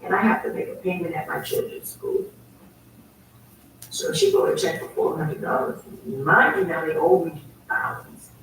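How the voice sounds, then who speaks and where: A woman telling a personal story as a guest, emphatic and animated. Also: fairly low pitch, normal speed. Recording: very echoey, distant, faint ambient noise.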